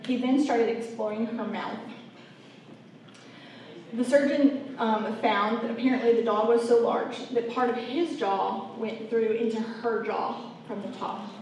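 A woman's voice: fairly high pitch, fairly even intonation, unhurried, a little mellow. A woman giving an earnest, heartfelt faith testimony, talking straight to her audience. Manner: earnest heartfelt storytelling, addresses audience directly. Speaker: speaker sharing a personal testimony. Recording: echoey room, mic at a distance, faint background noise.

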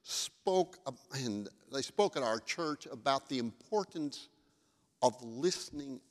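Pastor, male, mid-pitched voice, relaxed storytelling sermon, long church reverb. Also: slow pace. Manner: conversational storytelling.

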